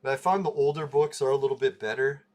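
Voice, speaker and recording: A man's voice: medium pitch, fast talker, darkish tone. A man hosting a casual livestream, telling a rambling story, laughing and swearing freely. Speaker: livestream host.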